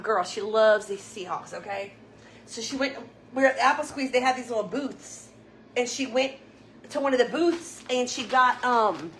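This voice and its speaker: A chatty woman talks casually to her livestream viewers. Her voice sits a little high, and she tells stories with lots of laughter. A faint hiss of background noise runs under her voice. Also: a bit bright. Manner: chatty, storytelling, laughs often. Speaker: livestream host.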